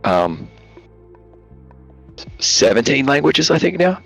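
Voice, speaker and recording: An Australian man with a medium-pitched voice and vocal fry speaks slowly but very animatedly as a guest content creator, joining a casual interview by video call from his Latvian home. He tells jokey stories loosely and fills them with fillers; soft background music plays and the audio quality is poor.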